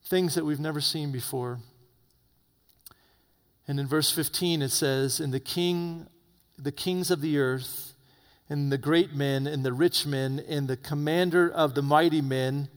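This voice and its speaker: A man preaching an evening sermon, swinging between loud urgent peaks and low hushed warnings. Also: steady tone, measured pace. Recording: long reverb of a hall.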